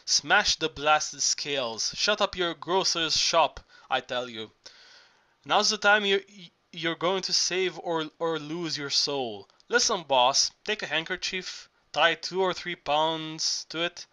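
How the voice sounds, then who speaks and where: Male reader doing a bright, forceful, earthy older Greek man, coaxing and urgent, lots of restarts. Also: fairly high pitch, slow, heavily acted. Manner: urgent, coaxing, persuasive talk with frequent stumbles and restarts. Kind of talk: audiobook reading.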